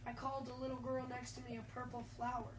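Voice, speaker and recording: A woman's voice: on the high side, flat delivery, quick pace, close to an everyday voice. A woman voicing a confused, innocent kindergarten boy in a story she tells. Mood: bewildered. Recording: roomy, distant, noisy mic.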